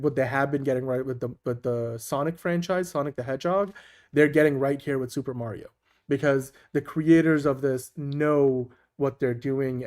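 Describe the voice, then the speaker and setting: In casual chat on an online talk show, this male co-host stays upbeat, laughs often, and restarts himself frequently. His mid-range voice sounds a little mellow.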